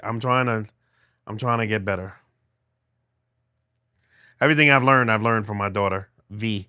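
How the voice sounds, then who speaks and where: A man's voice: on the low side, slow, pauses often, sharp tone, no echo. A middle-aged man livestreaming from a phone held in his hand at home, chatting with viewers in a rambling way with many restarts. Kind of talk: casual livestream chat with viewers.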